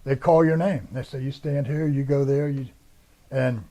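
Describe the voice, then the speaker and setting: A man's voice: medium pitch, steady tone, normal speed, dark tone. Older American man telling war stories. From United States. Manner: rambling storyteller acting out quoted dialogue. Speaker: interviewee, Marine veteran. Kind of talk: oral history interview.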